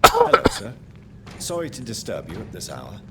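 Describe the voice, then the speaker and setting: A grave, courteous doctor in a video game, formal and restrained in every word. His voice sits low but rises and falls widely as he speaks. A loud hiss of noise runs under the game audio. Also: huge pitch swings, moderate pace, vocal fry, heavily acted.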